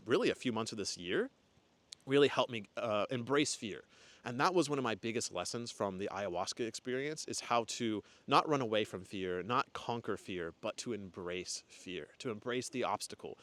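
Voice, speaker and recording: A man's voice: mid-range voice, a bit bright, no room sound. Earnest rambling young man vlogging. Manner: earnest, rambling, lots of fillers and restarts. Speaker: spiritual content creator. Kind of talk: casual reflective vlog talk.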